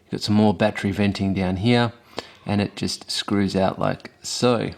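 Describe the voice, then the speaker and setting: Aussie bloke with a thick accent doing a gear review, swears every other word, lays the slang on thick. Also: male voice, lowish voice, steady tone, normal speed, gravelly. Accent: broad Australian. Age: adult with children. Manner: swears constantly, laying on heavy slang. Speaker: host of a vape hardware review show. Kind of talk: casual product review.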